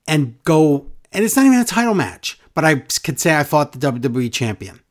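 A man hosting a podcast in casual, opinionated chat, animated and mocking, acting out quoted wrestlers in exaggerated voices. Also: a little high, a little fast, few pauses.

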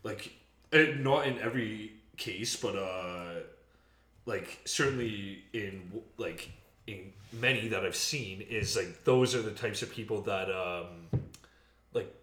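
A man's voice: on the low side, slow, pushed and bright, echoey room. A man from Canada, a guest in a casual talk, speaking hesitantly with frequent fillers. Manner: hesitant, many fillers and restarts. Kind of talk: casual conversation.

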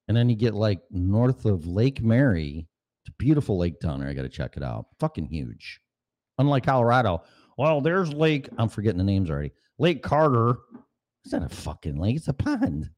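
Man, Chicago accent, low pitch, lively swings, sarcastic, profane, rambling. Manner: profane, sarcastic, jumps between jokes and voices. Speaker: vlogger. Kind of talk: casual rambling monologue.

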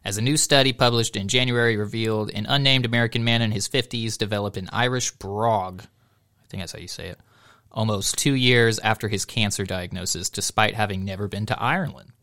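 A man's voice: lowish voice, brisk, sharp tone. A man co-hosting a casual podcast, reading a news article aloud and chatting, laughing often as he goes.

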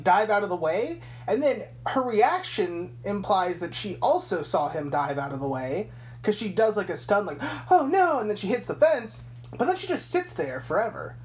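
A young woman co-hosting a podcast, casually recapping a movie scene by scene, swearing freely and acting out characters' lines. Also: mid-range voice. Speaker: podcast co-host. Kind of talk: casual film recap chat.

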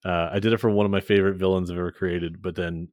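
A man's voice: low-pitched, little pitch movement, quick pace, darkish tone, no echo, clean studio sound. A man from Canada, guest on a podcast, chatting casually and laughing easily.

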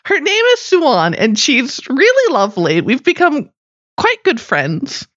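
A woman's voice: high voice, huge pitch swings, unhurried, fairly bright tone, no room sound, dull audio, pitched above the performer's own voice, full character voice. A woman playing an earnest young woman bound in service to a fae court, speaking thoughtfully with hesitant restarts. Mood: warm.

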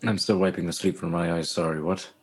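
Stammering husky-voiced man, faint music. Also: sits low, fairly even intonation, quick pace. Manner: stammering, laughing often. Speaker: player. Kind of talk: casual tabletop role-play.

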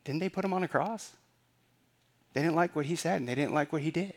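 A man preaching a sermon in a relaxed, conversational tone. He keeps circling back to key phrases and tosses rhetorical questions at the congregation. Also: on the high side, a little fast. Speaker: pastor.

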